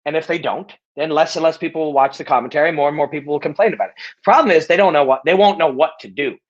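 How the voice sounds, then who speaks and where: Quick and on the high side, this man's voice comes through lo-fi sound. He's a middle-aged host of a live Q&A show, speaking in a casual monologue that is blunt, emphatic, full of curses and restated points.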